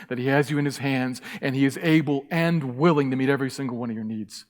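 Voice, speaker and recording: A man speaks quickly with few pauses in a medium pitch, preaching as pastor in a church sanctuary. His sermon is impassioned and emphatic, with key phrases repeated, and the church hall reverb is audible.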